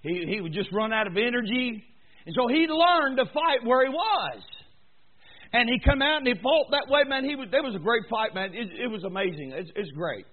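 A preacher with a high-pitched voice delivers a sermon in church. He drops to quiet, rambling asides, then climbs into shouted, pleading exhortation. The sound is thin and tinny, like it came over a phone line. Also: expressive, moderate pace. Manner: swings from low murmurs to high shouting exhortation. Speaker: pastor.

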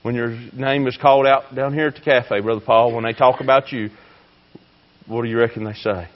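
A man preaching a fiery sermon, swinging between shouting and hushed tones. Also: mid-range voice, steady tone, brisk, lo-fi sound. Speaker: pastor.

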